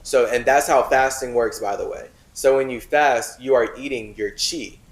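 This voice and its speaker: A man hosting a talk show who reads a text aloud and comments on it, switching between solemn reading and animated asides full of "like". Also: medium pitch, normal speed, reverberant, rough recording. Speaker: host.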